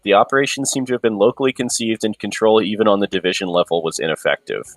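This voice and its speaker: A man's voice: lowish voice, fast talker, dry recording, low-quality recording. A man co-hosting a casual podcast, reading passages from a history book aloud with hesitant fillers between them. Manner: hesitant, many ums and restarts. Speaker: podcast co-host.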